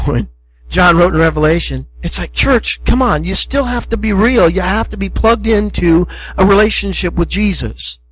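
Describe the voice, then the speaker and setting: Husky-voiced man preaching a sermon. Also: fairly high pitch, rough recording. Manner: conversational, emphatic preaching with acted asides. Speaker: pastor.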